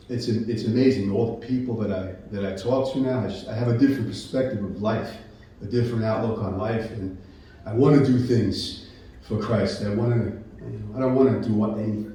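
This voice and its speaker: Man sharing his testimony, low-ish warm voice, earnest and rambling, heard from far off in a very echoey room. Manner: earnest and emotional, rambling with many restarts and "I'm like". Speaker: channel host giving his Christian testimony. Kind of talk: personal testimony, casual storytelling. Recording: very echoey room, voice picked up from a distance.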